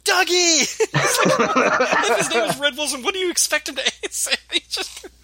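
A man hosting a podcast, chatting casually and retelling scenes in an animated way. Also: extremely high pitch, moderate pace. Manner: animated retelling, mimics lines. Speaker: podcast host. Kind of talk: casual chat.

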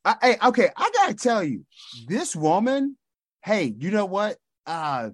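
A man's voice: sits high, sing-song, unhurried, breathy edge, dry recording, studio quality. A man co-hosting a podcast, chatting casually and joking as he acts out characters' lines. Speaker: podcast co-host. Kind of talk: casual chat recapping a sitcom episode.

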